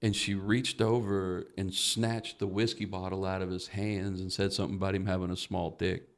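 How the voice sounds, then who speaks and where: A man's voice: sits low, level tone, moderate pace. A man who is a podcast guest tells a comic story in a rambling, profane way and laughs often.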